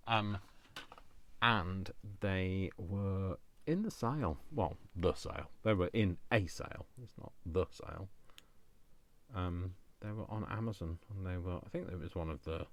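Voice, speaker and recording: Deep-voiced man chatting while crafting. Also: unhurried, a bit bright. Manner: rambling, talks to himself, jokey asides. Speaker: crafting video host. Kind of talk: casual chat while crafting.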